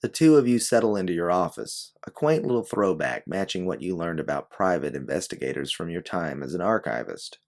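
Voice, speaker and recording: Male audiobook narrator, very deep, gravelly, animated delivery. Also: fairly quick, few pauses. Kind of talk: scripted second-person narration.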